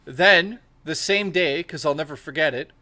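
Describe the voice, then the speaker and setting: Bright-voiced man telling rambling stories. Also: a little high, moderate pace, dry recording. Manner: rambling, profane anecdotes with acted-out quotes. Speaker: stream host. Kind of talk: casual storytelling chat.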